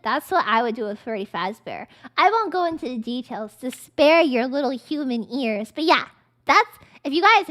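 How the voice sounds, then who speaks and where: A young woman reacts live on her stream and bursts into crude, profane, over-the-top rants. Her voice sits high and bright, with a sharp edge. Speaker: VTuber streamer. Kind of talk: livestream reaction commentary.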